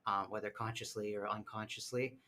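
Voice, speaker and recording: A man's voice: fairly low pitch, fairly even intonation, pushed and bright, slight background noise. A man from Massachusetts with a faint Boston accent, answering reflectively and hesitantly as a teacher in an interview. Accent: Boston, mostly tamped down. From Medford, Massachusetts. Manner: hesitant, with many pauses.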